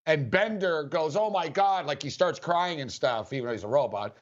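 A man's voice: on the high side, expressive, moderate pace. A man hosting a sports betting talk show, telling a rambling story between laughs. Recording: dull lo-fi sound.

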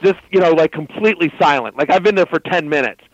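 A man guest telling a story in casual talk, animated and loose, full of fillers. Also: a little high, fast talker, highs cut off.

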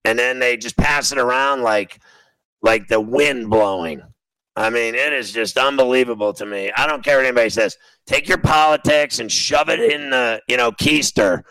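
Male talk host, blunt ranting monologue, crisp and resonant, dry close sound. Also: mid-range voice, normal speed, sharp tone, no echo, poor audio. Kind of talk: opinionated sports talk monologue.

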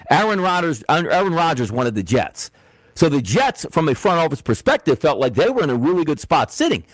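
A man's voice: fairly high pitch, dry recording, low-quality recording. A man hosting a sports betting show, talking solo, firing off rhetorical questions and acting out imagined quotes. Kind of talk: solo sports talk monologue.

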